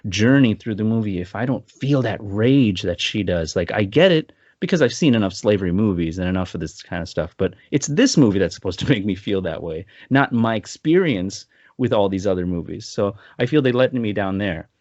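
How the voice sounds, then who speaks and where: A man with a lowish voice co-hosts a podcast, telling a story a bit quickly while laughing and performing other people's words. The sound is lo-fi, with no echo.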